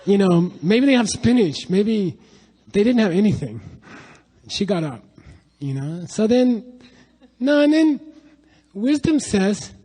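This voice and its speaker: A middle-aged man giving a lively spiritual talk to an audience, telling stories and asking rhetorical questions. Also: sits high, slow pace, poor audio. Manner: animated, rhetorical questions, storytelling. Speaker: spiritual teacher.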